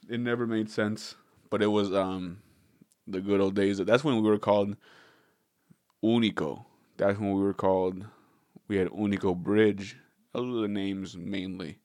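A man's voice: fairly low pitch, no room sound, clean studio sound. A young man hosting a podcast, rambling casually with jokes and swearing. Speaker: podcast host. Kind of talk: casual comedic podcast chat.

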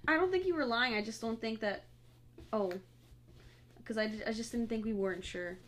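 A young woman co-hosting a casual chat, chiming in with quick questions and offhand comments. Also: a little high. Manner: quick reactive questions and asides. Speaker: podcast co-host.

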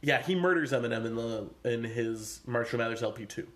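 Guy cohosting a comedy podcast, dry jokey banter w his brother, average pitch. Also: fairly quick. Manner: deadpan, joking with his brother. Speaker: podcast co-host. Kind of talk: casual comedic chat.

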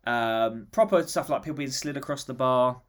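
Man, from England, podcast host, middle pitch, rambling jokey storyteller. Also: moderate pace. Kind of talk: casual comedic chat.

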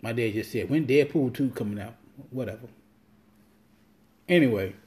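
A man's voice: medium pitch, normal speed, a little mellow. A man hosting a podcast, talking loosely and rambling, swearing freely and acting out quoted lines. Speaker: podcast host. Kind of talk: casual monologue.

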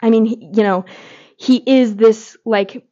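A woman's voice: a little high, steady tone, measured pace, warm tone. Gushing woman fan, dull lo-fi audio. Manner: gushing, heavy filler words. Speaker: podcast host. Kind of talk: casual fan commentary.

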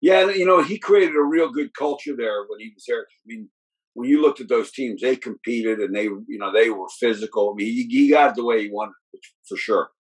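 A middle-aged man with a husky, slightly breathy voice tells stories in a relaxed, casual chat. He rambles, stopping and restarting his sentences and filling gaps with "you know". He talks like a football coach looking back. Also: medium pitch, a little fast, rough recording. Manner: rambling, with many restarts and fillers.

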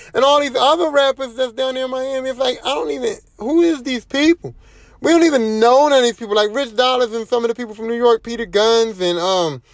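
A man's voice: very high-pitched, no echo. A young man hosting his own podcast, talking on his own in a rambling, slangy and often profane way. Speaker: podcast host. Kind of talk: casual solo podcast monologue.

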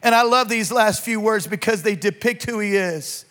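A man preaching as a pastor, swinging from slow, drawn-out emphasis to sudden shouts and calling on the congregation to respond. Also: high voice. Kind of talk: sermon.

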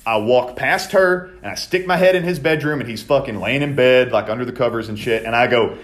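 A man telling a profane, animated story in casual podcast chat, shouting out the quoted lines. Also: mid-range voice, brisk, few pauses. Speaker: podcast co-host.

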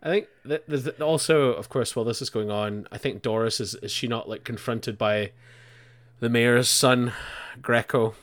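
A man's voice: mid-range voice, fairly even intonation, moderate pace, a bit bright. A man co-hosting a podcast, chatting casually as he recaps a show, swearing freely and acting out the characters' lines. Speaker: podcast co-host.

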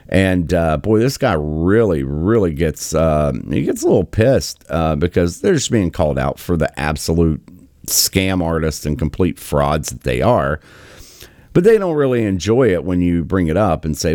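A man's voice: low voice, sing-song, normal speed, a little mellow, dry recording, clean studio sound. A man hosting political commentary over clips, sarcastic and exasperated, mocking what he plays.

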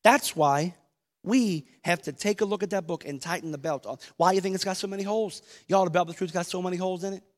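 A man in his thirties with a high voice preaches to his congregation in a conversational way. He quotes scripture and asks the people questions as he goes. His voice rings out through a long-echoing church hall. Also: fairly even intonation, quick pace. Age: 30s. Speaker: pastor. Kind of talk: sermon. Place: church sanctuary.

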